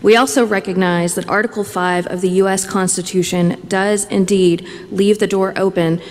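A woman reads a prepared statement in a formal, measured tone. Her voice has a middling pitch and rings with a long echo from the hearing room. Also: fairly even intonation. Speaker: legal director.

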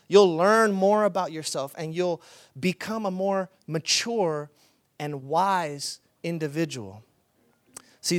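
A man preaching a sermon with an earnest, conversational delivery that turns animated when he tells stories. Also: high voice, no echo, studio quality. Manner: animated storytelling, rising to loud excited retelling. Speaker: pastor.

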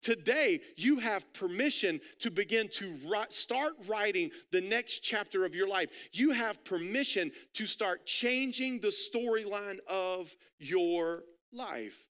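A man preaching a sermon, emphatic and repetitive, swinging between hushed lines and loud ones. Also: high voice, lively intonation, slow, hardly any pauses. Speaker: pastor.

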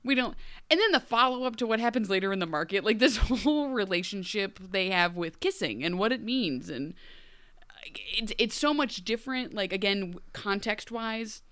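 A woman's voice: medium pitch, lively intonation, normal speed, fairly bright tone, clean tone. A woman in her late thirties, co-hosting a casual book club chat, rambling and laughing often. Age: 30s. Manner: rambling, laughs often, puts on voices for quotes. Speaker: podcast co-host.

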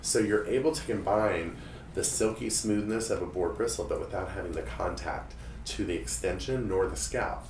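A man with a lowish voice tells a story with animated energy. He brings the people in it to life with quoted voices. He sounds a little away from the mic in a roomy space with faint ambience. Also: moderate pace, a little hiss or hum. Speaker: hairstylist and guest storyteller. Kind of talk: casual storytelling chat. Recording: roomy, a bit distant, faint room ambience.

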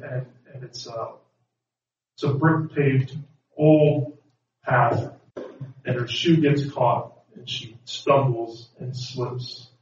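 A man's voice: medium pitch, slight background noise. Guy preaching a sermon, thoughtful, lots of questions, really echoey room, kinda muffled. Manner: reflective, asks many rhetorical questions. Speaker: pastor. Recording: echoey room, distant mic, dull sound.

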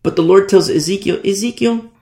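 A man's voice: high voice, fairly quick, darkish tone, echoey room. A man preaching a sermon as a pastor, emphatic and conversational, driving points home through repetition.

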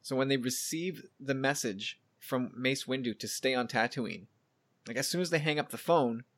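Male podcast host, casual chat, animated and quick, average pitch, frequent restarts.

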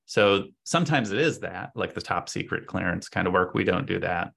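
A man with a very low voice speaks as a podcast guest. There is a gravelly fry running through his words. He gives long, explanatory answers in casual interview talk and works out his points aloud. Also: lively intonation, normal speed, a bit bright. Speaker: podcast guest, agency co-owner.

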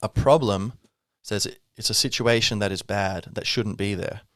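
Low-voiced man musing aloud. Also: normal speed, a bit bright, no room sound, clean studio sound. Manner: rambling, casual, many fillers and restarts, wry asides. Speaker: podcast host. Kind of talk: reflective spiritual monologue.

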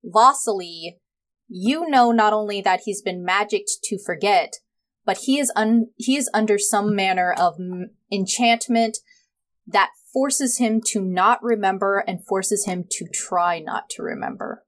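A woman running a tabletop game, explaining rolls and describing the scene in a relaxed, chatty way. Her voice sits at an ordinary middle pitch. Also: measured pace. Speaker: game master.

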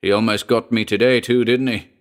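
A man doing a gruff, haunted old sea captain. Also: fairly even intonation, a little fast, lightly acted. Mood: haunted, brooding. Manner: salty sailor's talk, low and brooding.

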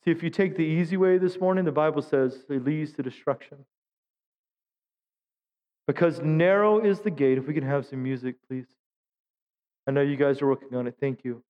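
A middle-aged man preaching a sermon as a pastor, telling humorous stories and acting out quotes in high voices. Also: normal speed, long pauses, big-room sound, lo-fi sound. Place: church sanctuary.

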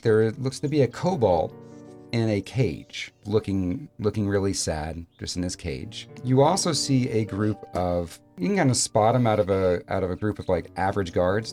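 A man narrating as game master in a relaxed, halting way with many fillers. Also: low-pitched.

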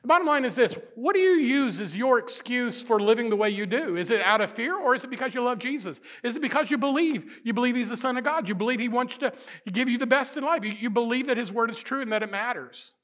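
A middle-aged man preaching a sermon as pastor, swinging between loud emphasis and hushed, intimate passages. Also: extremely high pitch, animated, quick pace, hardly any pauses.

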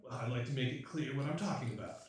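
A man's voice: mid-range voice, quick pace, heavy reverb, distant mic, close to an everyday voice. A man playing a shady, wheedling informant. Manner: wheedling and evasive, complains about the rich. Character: shady male informant Egan, wheedling, grumbling.

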